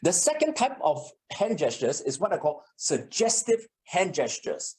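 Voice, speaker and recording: Lively speaking coach teaching a workshop. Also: mid-range voice, measured pace. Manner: animated, acts out example sentences. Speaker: public speaking trainer. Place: meeting room, also streamed on a video call.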